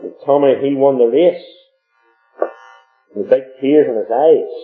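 A man preaching a sermon, telling homely stories, his voice swinging between low murmurs and high exclamations. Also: measured pace, faint music behind. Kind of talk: sermon with storytelling. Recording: echoey, phone-like old recording.

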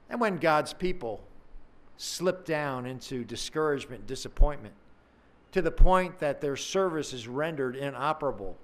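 Male preacher, slightly high voice, earnest conversational sermon with dramatic emphasis.

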